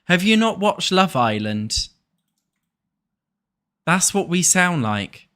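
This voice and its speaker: British man, chatty and joking, bright forward voice, desk mic. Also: sits high, sing-song, slow pace, smooth. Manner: chatty, joking, self-described posh. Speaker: streamer. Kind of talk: casual live game stream chat.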